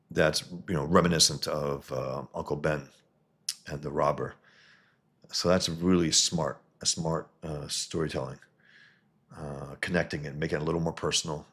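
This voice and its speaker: A man's voice: very deep voice, breathy edge. A man casually reviewing a comic on a live stream, rambling with many fillers and restarts.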